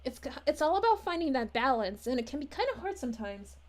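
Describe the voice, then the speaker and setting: A woman doing bubbly high Princess Peach. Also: very animated, quick pace. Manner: gushing and giggly, sing-song. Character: sweet, bubbly young princess turned detective. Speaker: character streamer reading chat. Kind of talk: in-character livestream chat.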